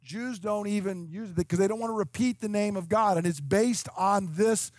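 Emphatic high-voiced preacher man in his fifties. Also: normal speed, a little mellow, no room sound, studio quality. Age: 50s. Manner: emphatic, explanatory, checks in with "okay?". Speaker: preacher teaching scripture. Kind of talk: expository sermon.

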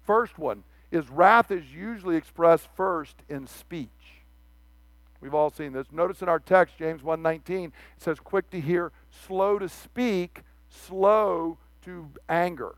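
A man preaching a sermon, animated, acting out the quoted speech of the figures he reads about. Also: a little high, slow, no echo.

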